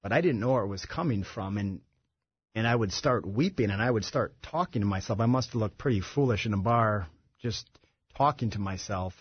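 A man as a radio studio guest, telling his recovery story in a halting way with many restarts. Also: lowish voice, breathy edge, no echo, lo-fi sound. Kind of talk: personal recovery testimony.

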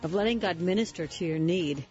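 A woman's voice: lowish voice, a little fast, a little mellow, dull audio, faint music behind. A woman hosting a Christian radio talk show, speaking in an earnest, reflective way and affirming her guest. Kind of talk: conversational Christian radio interview.

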